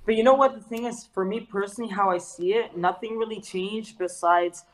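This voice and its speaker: A woman's voice: medium pitch, steady tone, a little fast. Female guest, earnest and reflective, filler-heavy casual talk. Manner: earnest, reflective, many "like"s and "you know"s. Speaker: interview guest. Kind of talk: casual interview chat.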